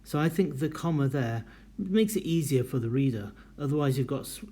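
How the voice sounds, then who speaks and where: A man teaching a recorded lesson, explaining deliberately and modelling lively intonation in example sentences. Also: mid-range voice. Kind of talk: recorded lecture.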